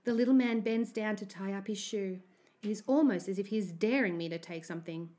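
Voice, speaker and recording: Brief: a woman narrator reading a children's story with expressive, anxious delivery. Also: medium pitch, fairly quick. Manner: expressive, anxious first-person telling.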